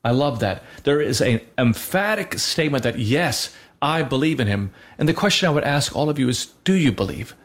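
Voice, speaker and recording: Man, 30s, co-host of a faith talk show; earnest, halting, mid-range voice, lots of restarts. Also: medium pitch, lively intonation. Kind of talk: faith talk with personal storytelling.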